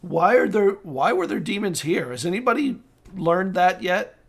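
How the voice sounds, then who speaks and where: A man's voice: high-pitched, big pitch swings, normal speed, vocal fry, husky, heavily acted. A man voicing an exasperated noble lord. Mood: puzzled. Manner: demanding, bursts into shouts. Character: irritable noble father, exasperated lord of a keep.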